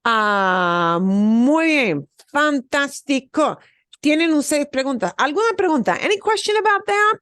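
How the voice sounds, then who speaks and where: A middle-aged woman teaching a beginner Spanish class, upbeat and encouraging, modeling phrases slowly so students can repeat them. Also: high-pitched, very animated, fairly bright tone, dry recording, clean studio sound. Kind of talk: online beginner language class.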